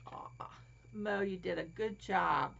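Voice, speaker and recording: A Florida crafting vlogger, unhurried and gravelly in a mid-range voice, shares her work in a casual show-and-tell. Little toys draw coos from her, and she often slips into a whisper. Faint hiss runs under the dull lo-fi home recording.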